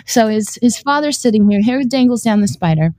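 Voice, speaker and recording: A woman's voice: a little high, fairly quick, no echo. Giggly young woman telling wild stories. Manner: animated and giggly, heavy use of "like", casual swearing. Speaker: guest storyteller. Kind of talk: casual storytelling chat.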